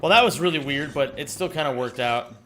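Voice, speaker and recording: A man streaming a speedrun, excitable, swearing freely and bantering with his chat. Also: a little high, fairly quick. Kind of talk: live-stream commentary while playing.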